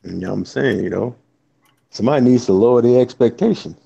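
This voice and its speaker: A man's voice: mid-range voice, fast talker, vocal fry, mellow, highs cut off, a little hiss or hum. A man joining a casual political chat, making sarcastic, dry asides.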